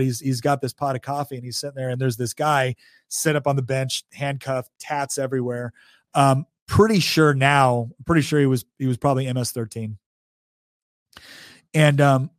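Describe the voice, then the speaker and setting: A man in his forties shares a personal story as a guest on a podcast, moving from one thought to the next in a loose, chatty way. He laughs often and restarts his sentences, at a medium pitch. The sound is dry and close. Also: dry recording. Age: 40s. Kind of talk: casual storytelling.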